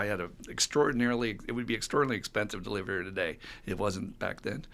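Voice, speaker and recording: A man's voice: fairly low pitch, vocal fry. Earnest man talking about recovery. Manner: earnest, animated, laughs often. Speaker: podcast co-host. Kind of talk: casual recovery podcast talk.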